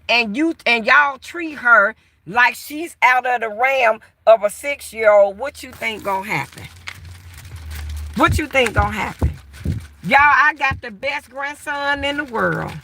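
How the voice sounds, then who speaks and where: Older woman host, high voice, unhurried, cursing freely. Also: dry recording. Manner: animated, blunt and profane, addresses listeners as y'all. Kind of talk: casual storytelling chat.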